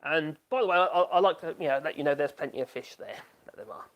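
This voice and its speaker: A man's voice: on the high side, animated, quick pace, a bit bright. A middle-aged man, chatting casually on a live stream in a rambling way, trailing off and restarting his sentences.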